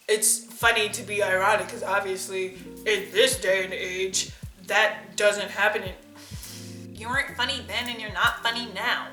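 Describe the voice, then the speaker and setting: A young woman from vents in a bright, sharp voice, blunt and sarcastic as she counts off what annoys her. Her pitch sits a bit high. The room around her is echoey, and faint music runs under her talk. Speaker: vlogger. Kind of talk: casual ranting list video.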